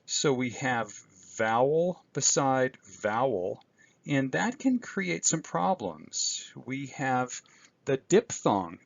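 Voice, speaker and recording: A man with a gravelly voice walks through a screencast lesson, methodical and patient, pausing with small fillers. The sound is dry and slightly dull, as if from a desktop mic. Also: mid-range voice, big pitch swings, dry recording. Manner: methodical, explains step by step with fillers. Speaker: Greek instructor. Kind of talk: recorded lecture screencast.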